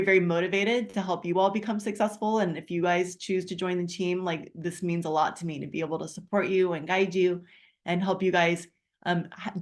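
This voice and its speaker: Chatty and full of fillers and restarts, a middle-aged woman tells a heartfelt personal story and promotes her wellness business.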